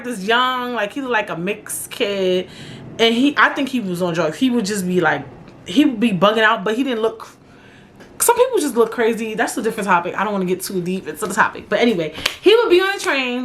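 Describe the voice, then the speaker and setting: Podcast host, young woman from New York, casual and profane, pitched a bit high. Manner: animated, profane, slangy storytelling. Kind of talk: casual storytelling monologue.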